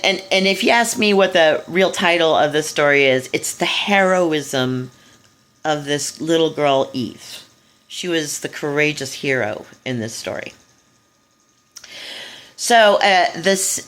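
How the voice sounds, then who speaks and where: Brief: woman, slightly low voice, casual monologue, blunt and scornful, swears freely. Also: fairly bright tone. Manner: fast, loose, with frequent restarts and asides. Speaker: speaker giving a talk. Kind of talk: casual monologue retelling a story.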